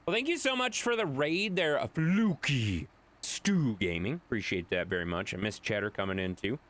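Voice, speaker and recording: A man's voice: medium pitch, fairly quick, fairly bright tone. A man streaming live, chatting casually and rambling as he answers viewers' chat.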